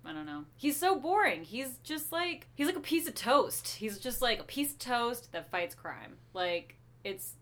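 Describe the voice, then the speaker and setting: A woman's voice: fairly high pitch, big pitch swings, measured pace, few pauses, fairly bright tone. A woman co-hosting a comics podcast in casual chat, wry and rambling, trailing off at times. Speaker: podcast co-host.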